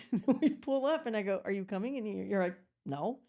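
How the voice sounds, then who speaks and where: A middle-aged woman co-hosts a podcast and tells stories in a casual, expressive way. Her pitch leaps around as she acts out the lines of the people she quotes, and she laughs easily. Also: moderate pace, vocal fry. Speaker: podcast co-host. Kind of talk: casual storytelling chat.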